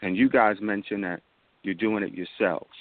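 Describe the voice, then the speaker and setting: Low-voiced male host on a phone line. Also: moderate pace, no room sound. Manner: direct, steers the discussion. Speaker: radio host, moderator. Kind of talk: moderating a panel. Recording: tinny phone-line sound, dry.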